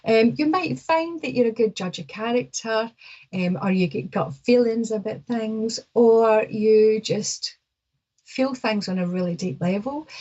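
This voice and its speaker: Chatty woman with a husky voice. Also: medium pitch, warm tone, lo-fi sound. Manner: chatty, rambling with fillers and asides. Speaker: psychic guest. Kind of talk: casual spoken explanation.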